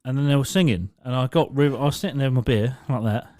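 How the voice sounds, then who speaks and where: A fast-talking young Englishman co-hosts a podcast with a mid-range, darkish voice. In casual chat he tells sweary stories, laughs frequently and acts out other people's voices. The sound comes from a studio mic on an arm.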